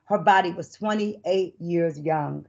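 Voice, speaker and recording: A middle-aged woman poet who performs spoken-word poetry and talks about her work in an expressive, emphatic way. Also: lowish voice, takes it slowly, gravelly. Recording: dull lo-fi recording.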